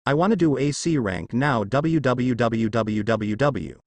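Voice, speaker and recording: Man reading as a whiny, brash teen ninja boy, bouncy pitch, dry sound. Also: very animated, normal speed, no room sound. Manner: complaining, whining.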